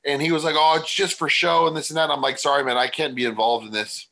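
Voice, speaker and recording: A man's voice: a little high, steady tone, quick pace, gravelly, sharp tone, low-quality recording. A man who is a bodybuilding guest on a casual podcast, talking bluntly, swearing casually and often restarting his sentences.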